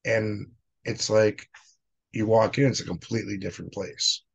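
A male paranormal investigator co-hosting a casual interview, plain-spoken and relaxed. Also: on the low side, normal speed, vocal fry, husky. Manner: relaxed, plain-spoken, fillers like "you know".

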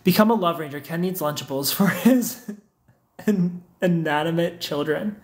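A man's voice: a little high, moderate pace. A young man, hosting a casual livestream, reading chat comments aloud and teasing viewers in a joking way.

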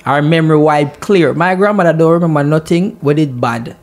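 A man with a Jamaican accent, a comedian chatting as a radio interview guest, joking and swinging between loud lively bursts and quiet mutters. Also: fairly high pitch, brisk. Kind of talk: casual radio interview chat.

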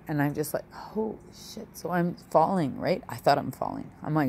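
A woman's voice: sits low, moderate pace, gravelly, hardly any pauses, a little mellow, slight background noise. A woman telling a rambling, emotional personal story in a casual home vlog, often adding "right?" and "like". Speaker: vlogger.

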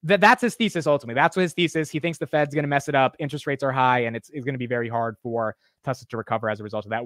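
A man hosting a live market-close stream, excitable and exclamatory, swearing as prices move. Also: mid-range voice, rapid-fire, few pauses, no room sound. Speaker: host.

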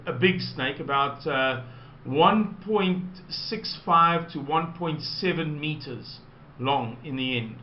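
A man with a South African accent telling a personal anecdote to listeners, slowly and with digressions. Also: medium pitch, a little hiss or hum. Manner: slow, digressive, unhurried storytelling. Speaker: storyteller. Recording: roomy, dull lo-fi recording.

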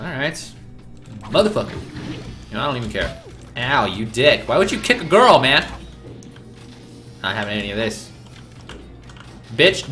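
A man hosting a let's play with loud, profane, rowdy outbursts and game audio behind him. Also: medium pitch, very animated, normal speed, pauses often. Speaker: gaming channel host. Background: game audio and music.

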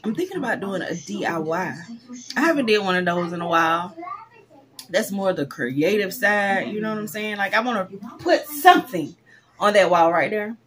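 A young adult woman vlogging in a casual chat straight to her viewers, expressive and swinging between excitement and a lower, drained tone. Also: moderate pace, crowd noise.

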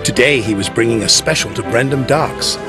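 A man's voice: mid-range voice, a little fast. A man narrating a children's railway story. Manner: lively storytelling. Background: music.

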